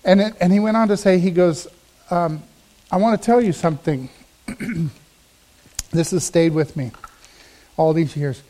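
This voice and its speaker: A man's voice: sits high, a little slow, long pauses, mellow. A man, a pastor, preaching a sermon, telling a personal story in an earnest, storytelling way with emphatic swells.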